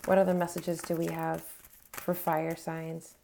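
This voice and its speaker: A woman with a slightly low voice gives a tarot reading to camera. She speaks earnestly and with feeling, offering encouragement and affirmations directly to her viewers. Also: completely flat delivery, unhurried, gravelly, warm tone, a little hiss or hum. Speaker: tarot reader.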